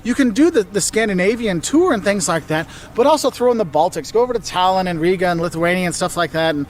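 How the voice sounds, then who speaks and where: A man with a notably high voice hosts a travel video, speaking lively and animated, throwing in joking asides and playful exaggerations. He is recorded outdoors in a city, with passing traffic sometimes heard behind him. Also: fast. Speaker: travel vlogger. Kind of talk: presenting a travel video to camera.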